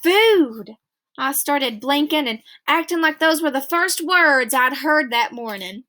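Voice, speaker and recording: A woman's voice: sits high, unhurried, bright, forceful tone. A woman reading a novel aloud, narrating steadily in a child's first-person voice. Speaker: reader.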